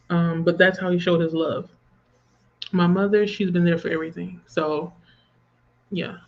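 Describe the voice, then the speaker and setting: A woman's voice: lowish voice, muffled recording. A woman in her thirties hosting a livestream, chatting openly about grief and reading viewer comments aloud. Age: 30s. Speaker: livestream host. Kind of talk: casual livestream chat.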